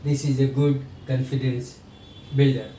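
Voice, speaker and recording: This sales training lecturer has a mid-range, mellow voice with a level tone and an unhurried delivery. He explains concepts and acts out sales conversations, recorded from a distance in an echoey room with faint noise.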